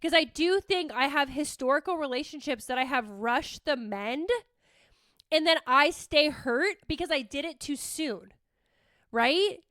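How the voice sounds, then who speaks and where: A woman's voice: sits high, animated, measured pace, fairly bright tone, no room sound, clean studio sound. A woman in her thirties hosting a podcast, talking candidly and casually, full of "like" fillers, swearing freely and poking fun at herself. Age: 30s. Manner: chatty, frequent "like" fillers, swears freely, self-mocking. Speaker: podcast host.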